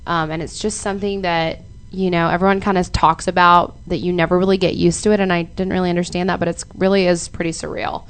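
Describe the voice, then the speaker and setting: A young woman from South Africa, now speaking with an American accent, answers interview questions in a radio studio. Her voice sits slightly low and sounds smooth and clear. She talks in a chatty, upbeat way and fills pauses with ums. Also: little pitch movement. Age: young adult. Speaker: singer-songwriter guest.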